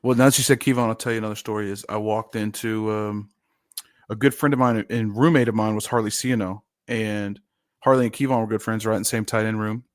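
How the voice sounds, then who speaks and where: Animated male podcast storyteller, dry sound. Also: fairly low pitch, fairly quick, no room sound. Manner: animated storyteller, shouts quoted lines, laughs often. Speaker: podcast co-host, former lineman. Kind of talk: casual storytelling chat.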